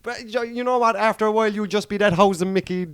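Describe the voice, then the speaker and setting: A man's voice: sits high, fairly even intonation, fast talker, a bit bright, smooth, no room sound. An Irish man hosting a casual podcast, chatty and laughing often, with "like" and "lad" in every other phrase. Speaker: podcast host.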